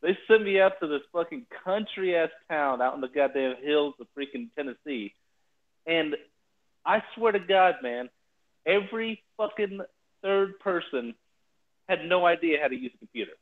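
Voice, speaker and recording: A man's voice: fairly high pitch, lively intonation, moderate pace. A man co-hosting a podcast, chatting in casual, profane banter. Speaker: podcast co-host. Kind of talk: casual chat. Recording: tinny phone-like line.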